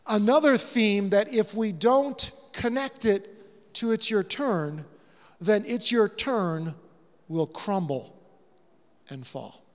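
A man with a fairly high voice preaches a sermon, telling the story with real animation and acting out each line of dialogue. His voice rings out in a hall with a long reverb tail. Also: lively intonation, slow. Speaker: pastor.

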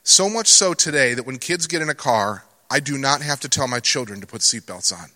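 A man's voice: medium pitch, expressive, brisk, sharp tone. A middle-aged man speaking to a church congregation in a conversational, anecdotal way, with rhetorical questions. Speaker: Christian advocacy speaker at a church. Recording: long hall reverb.

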